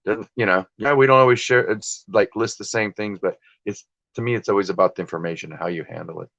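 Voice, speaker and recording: A man's voice: on the low side, quick pace, vocal fry, a bit bright, dry recording, highs cut off. A man hosting a casual livestream while listing items for sale, rambling and self-deprecating as he chats with viewers. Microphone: desktop computer and phone.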